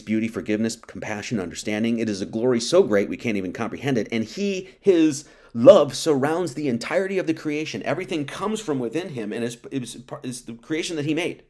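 A man's voice: mid-range voice, lively intonation, brisk, hardly any pauses, dark tone. A man giving an informal sermon, talking casually, reading scripture and acting out quotes, with many restarts. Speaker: preacher.

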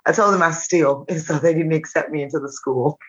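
A woman from Chattanooga, a comedian guest telling animated, jokey stories in casual chat. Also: low-pitched. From Chattanooga, Tennessee. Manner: animated, jokey, rapid bursts. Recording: dull lo-fi sound.

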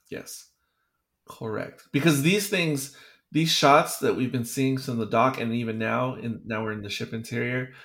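Man, gravelly voice, casual movie commentary, rambling, self-interrupting. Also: medium pitch, a bit bright. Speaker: podcast co-host.

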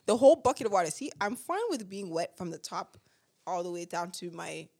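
A woman's voice: lowish voice, lively intonation, a little fast, creaky, a little mellow, breathy edge. A young woman co-hosting a podcast, chatting casually in a teasing, playful way. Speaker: podcast co-host. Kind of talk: casual chat.

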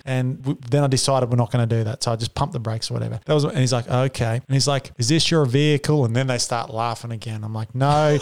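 A man telling a story on a podcast in casual chat, animated and laughing often. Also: medium pitch, quick pace, few pauses. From Australia. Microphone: studio microphone.

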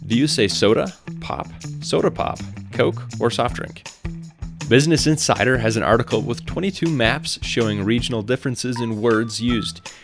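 A man's voice: mid-range voice, lively intonation, moderate pace, over music. American guy doing his podcast script, dry little jokes tossed in, tunes playing under him. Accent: General American. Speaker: podcast host.

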